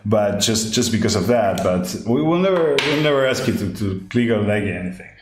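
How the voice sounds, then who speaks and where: A podcast host with a lowish, lively voice talks at normal speed in casual chat, ranting emphatically and repeating his points in English, his second language. He's recorded in an echoey room with faint music and background noise.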